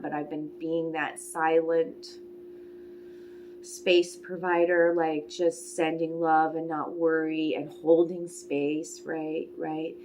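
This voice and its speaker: A woman in her forties giving a rambling, emotional spiritual card reading, soft-spoken with sighs and brief whispers. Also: fairly low pitch, noisy background. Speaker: oracle card reader.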